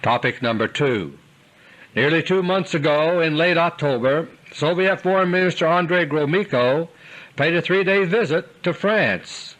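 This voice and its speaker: A man delivering a scripted political commentary monologue in an earnest, deliberate way, slowing down for emphasis. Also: fairly high pitch, fairly bright tone, low-quality recording. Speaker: commentator delivering a recorded audio letter.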